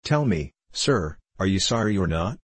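A man's voice: low voice, sing-song, moderate pace, breathy edge, no echo, heavily acted. A man voicing a drunken, self-pitying middle-aged former clerk in an audiobook, rambling and pleading, rising to fervent declaiming. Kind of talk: audiobook character reading.

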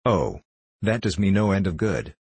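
A man's voice: deep voice, very animated, moderate pace, breathy edge, no echo, exaggerated voice. A man voicing a courteous, well-bred teenage boy in a storybook reading. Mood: friendly. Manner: courteous and warm. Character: polite, lonely rich teenage boy.

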